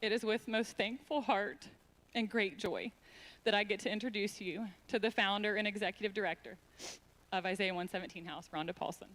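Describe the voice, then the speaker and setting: A woman with a mid-range, fairly bright voice speaks briskly in a church sanctuary. Her speech at the church event is heartfelt and emotional as she introduces the founder of a ministry.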